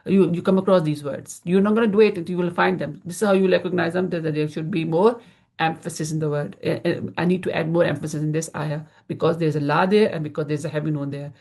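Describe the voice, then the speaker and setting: Low, gravelly-voiced woman teaching grammar. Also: steady tone, fast, a little mellow. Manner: patient, repeats key terms for emphasis. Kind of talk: slide-based online lesson.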